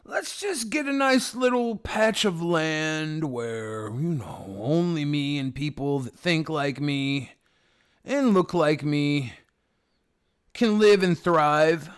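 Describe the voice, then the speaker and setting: A man putting on the voice of a smug, self-righteous man who wants to live apart from everyone, speaking in a mocking, drawn-out way. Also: fairly high pitch, animated, clean tone.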